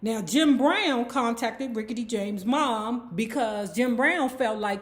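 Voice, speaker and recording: A woman's voice: a little high, takes it slowly, hardly any pauses. Chatty woman recapping a book. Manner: chatty, profane, tags lines with "okay?". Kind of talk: casual storytelling.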